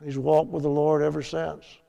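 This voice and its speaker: Older man, gravelly voice, folksy Bible lesson, chatty storyteller. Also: on the high side, little pitch movement, moderate pace, dark tone, highs cut off. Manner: chatty storytelling, laughs at his own tales. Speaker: Bible teacher.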